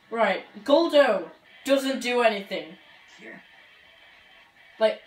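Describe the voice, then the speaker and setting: A woman commentating gameplay in a chatty, joking way, with many filler words. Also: medium pitch. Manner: chatty, joking, says like a lot. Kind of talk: let's play commentary. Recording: echoey room, far from mic, game music.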